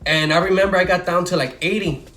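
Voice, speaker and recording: A young Chicago man with a high voice talks fast as he casually retells a story in a vlog, animated and full of fillers. A little hiss or hum sits under the audio.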